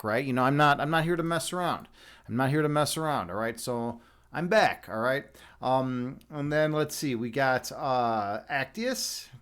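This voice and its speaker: A man chats casually on a live stream from his home desk, joking and rambling as he goes. His voice sits a bit on the high side, and he often restarts his sentences mid-thought. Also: fairly bright tone. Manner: rambling and jokey, with frequent restarts. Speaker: livestream host, chess instructor and meditation guide.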